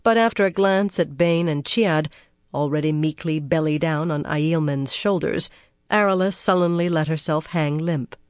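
An audiobook narrator giving a steady, measured reading of fantasy prose. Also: mid-range voice, no echo, clean studio sound.

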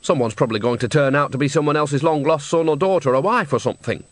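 A man's voice: a little high, no room sound, pitched above the performer's own voice, close to an everyday voice. A man putting on a chatty old country witch. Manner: cheerful, gossipy, talks in rapid asides.

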